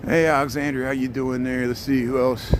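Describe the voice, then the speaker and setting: A man hosts a rambling livestream walking tour down a city street, chatting casually with viewers as he goes. His medium-pitched voice is level in tone and a little fast, with faint street and traffic noise behind him.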